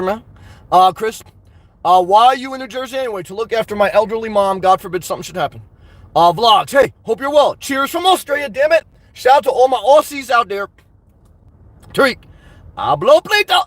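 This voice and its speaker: A very high-pitched man talks loosely and crudely to his live-stream viewers, reading their comments aloud and laughing often. The sound is close and dry, with no room around it. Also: fairly bright tone, no room sound. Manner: rambling, joking, reads out chat comments. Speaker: livestream host.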